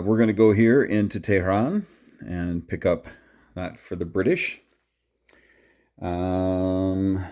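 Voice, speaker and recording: A man's voice: low-pitched, gravelly, mellow. A man casually narrating his turn in a board game, counting out his moves aloud as he plays.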